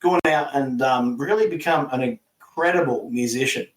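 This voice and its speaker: An Australian man hosts a podcast in an easygoing, matey way. His voice sits at a middle pitch, and it rings out in a roomy echo. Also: normal speed, recorded from a distance. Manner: easygoing, matey, says mate a lot. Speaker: podcast host. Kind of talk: casual chat.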